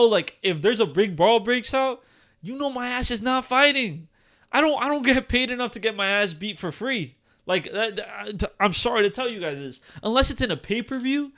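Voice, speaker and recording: High-pitched and a bit bright, this man in his twenties co-hosts a casual podcast. He rambles through stories packed with fillers and swearing.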